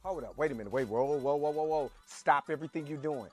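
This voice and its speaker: A man's voice: on the high side, fast talker. A man hosting a live reaction show, chatting loosely and joking around, rambling with frequent laughs. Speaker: host. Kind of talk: casual reaction livestream chat.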